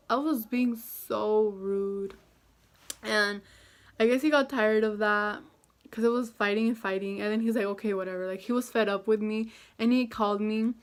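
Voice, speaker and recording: A young woman talking to camera in a casual storytime vlog, chatty and self-deprecating, with lots of fillers. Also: mid-range voice. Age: young adult. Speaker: vlogger.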